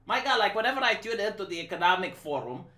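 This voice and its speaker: A woman's voice: medium pitch, very animated, fast, sharp tone. A woman with a Romanian accent giving blunt, emphatic opinion commentary on her stream, often repeating herself and restarting phrases. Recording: roomy echo.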